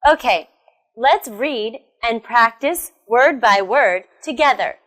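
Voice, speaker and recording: An American woman teaching English pronunciation, enunciating words slowly and carefully and encouraging learners with questions. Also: fairly high pitch, expressive, a bit bright. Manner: slow, careful enunciation with repetition. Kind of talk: pronunciation lesson.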